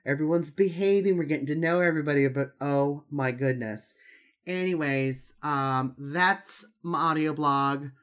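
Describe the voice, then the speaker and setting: A man's voice: on the high side, measured pace, fairly bright tone. Campy guy doing a funny audio blog, playful asides, chatty. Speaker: podcast host. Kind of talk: comedic audio blog reading.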